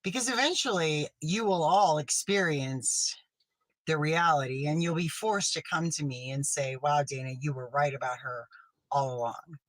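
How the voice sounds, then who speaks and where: A man playing a petty, vindictive woman livestreamer in a comedy sketch, accusing and self-righteous, sometimes dropping to a sharp whisper. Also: on the high side, moderate pace, no echo, lightly acted, poor audio. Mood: scolding.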